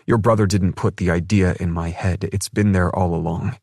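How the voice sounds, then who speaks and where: A harsh, haunted young woman, put on by a male audiobook narrator, pushes her words out tight and urgent. The voice is raised well above his own yet stays husky. The recording is close and dry. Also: deep voice, steady tone, normal speed, darkish tone, no echo, voice pushed up. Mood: strained.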